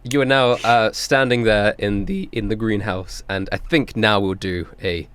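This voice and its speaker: A man's voice: on the low side, steady tone, measured pace, a bit bright, clean tone. A man running a tabletop game as game master, narrating casually with hesitant fillers.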